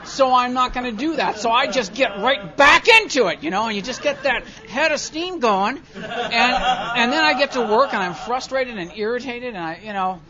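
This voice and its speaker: A man speaking at a recovery meeting, telling a self-mocking story to an audience and swinging from quiet asides to loud comic rants. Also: very high voice, lively intonation, normal speed. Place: large convention hall with audience. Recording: dull lo-fi live hall recording, faint crowd.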